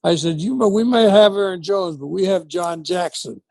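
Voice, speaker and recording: A man's voice: high-pitched, normal speed, gravelly, no room sound. An older man, a former football coach, reminiscing as an interview guest and acting out the dialogue in his stories. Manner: animated storyteller who acts out quoted dialogue.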